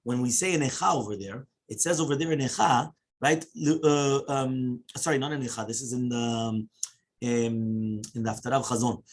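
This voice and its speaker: A man's voice: medium pitch, husky. A male rabbi teaching a Talmud class in English, rattling off Hebrew quotations and translating them, with frequent "right?" and "yeah?" check-ins. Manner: animated, questioning asides like "right?" and "yeah?"; chants Hebrew quotes rapidly.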